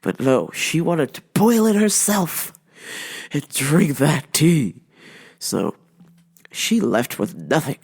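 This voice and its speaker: A woman's voice: deep voice, slow pace, long pauses, breathy edge. A woman who works in a store, bluntly and sarcastically telling stories about her customers in a casual vlog. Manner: animated, laughing, blunt and sarcastic.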